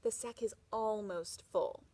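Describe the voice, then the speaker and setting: A woman voicing a patient, gentle wife who soothes her grumpy husband softly. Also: mid-range voice, unhurried, lightly acted.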